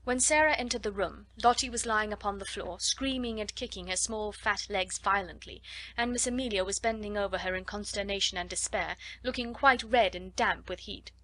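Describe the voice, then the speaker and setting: A woman's voice: mid-range voice, moderate pace, no room sound. Woman narrating a classic storybook. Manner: steady storytelling. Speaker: audiobook narrator. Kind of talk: scripted narration.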